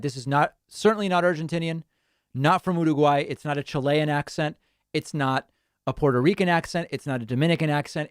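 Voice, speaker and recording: A man hosting a live-stream show, commenting and reacting with quick exclamations. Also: on the high side, dry recording, studio quality. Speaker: show host.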